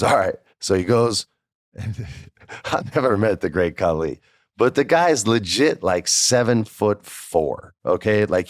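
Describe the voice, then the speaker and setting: A man's voice: lowish voice, no echo, studio quality. A man from New Mexico in his forties, hosting a podcast and telling a backstage anecdote, acting out the people in it. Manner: animated, acts out quoted voices. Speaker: podcast host. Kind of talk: storytelling anecdote.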